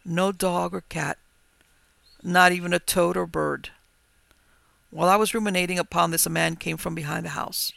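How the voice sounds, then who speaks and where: A man narrating a ghost story in a measured, old-fashioned storytelling manner. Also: high voice, steady tone, vocal fry, sharp tone, dry recording.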